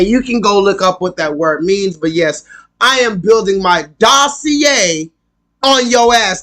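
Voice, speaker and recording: A man with a strikingly high-pitched voice holds forth on a live stream. He rants with heat and plenty of swearing, hammering his points again and again. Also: bright, forceful tone. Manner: heated, profane, emphatic, repeats himself. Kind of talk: ranting live stream monologue.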